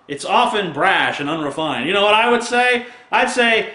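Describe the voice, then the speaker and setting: Loud, profane man ranting sarcastically. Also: sits high, animated, a little slow, reverberant. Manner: crude, sarcastic, laughing at his own jokes. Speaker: video blogger. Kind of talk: profane comic rant to camera.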